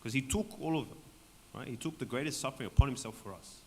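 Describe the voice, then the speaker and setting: An Australian man leads a group Bible study in a church hall, talking conversationally and repeatedly checking in with "right?". His medium-pitched voice is fast and going hoarse, and he clears his throat. The recording has long hall reverb and faint background noise.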